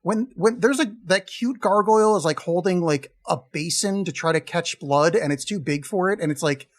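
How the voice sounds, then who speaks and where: A man co-hosting a film podcast with a voice pitched a little high for a man. He talks in an animated, exasperated way and swears freely while venting about the film. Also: moderate pace. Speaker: podcast co-host. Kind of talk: casual film review chat.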